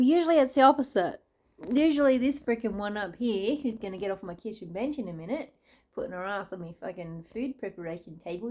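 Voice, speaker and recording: A woman's voice: a little high, a little mellow. An Australian woman in her home kitchen, filming her cats on a phone and chatting to them in giggly, sing-song baby talk with swearing asides. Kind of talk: casual chat and baby talk to pets.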